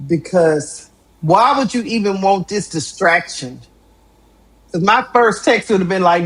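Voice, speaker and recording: A middle-aged woman hosting a live sports talk stream, animated and exclamatory, laughing often. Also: medium pitch, a little slow, breathy edge, low-quality recording. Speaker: sports talk show host.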